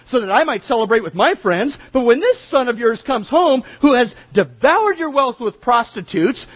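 A man's voice: very high voice, husky, highs cut off, exaggerated voice. A man playing a resentful older brother who speaks with indignant, bitter anger.

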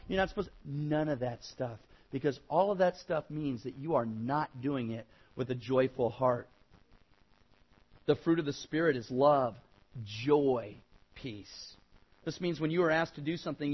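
High-voiced man giving an emphatic kids' Bible lesson. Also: muffled recording. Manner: animated, acts out whiny kid replies; repetitive, emphatic admonishing. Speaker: Bible teacher addressing children.

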